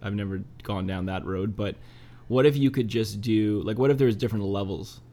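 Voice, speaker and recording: A lower-pitched man co-hosts a casual podcast chat. He rambles and teases in a playful way, pushing one joke idea after another. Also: a little fast, mellow. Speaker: podcast co-host.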